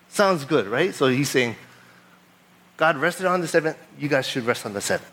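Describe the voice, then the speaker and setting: A man preaching as pastor, telling a personal story in a casual, animated way and reading scripture aloud. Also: a little high, breathy edge. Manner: casual storytelling, animated retelling of a traffic stop; reads scripture aloud in a measured voice. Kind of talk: sermon.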